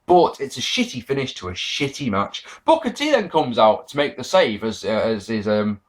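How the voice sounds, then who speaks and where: Sarcastic man with a very lively voice. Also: mid-range voice, moderate pace. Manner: sarcastic, profane, mock-quoting people. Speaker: wrestling show reviewer. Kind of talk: casual review monologue.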